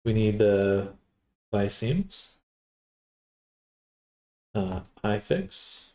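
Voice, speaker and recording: A sleepy man thinking aloud in a quiet, unhurried murmur while he works through a task on a livestream. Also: on the low side, very animated. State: sleepy, yawning. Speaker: livestreamer building avatars.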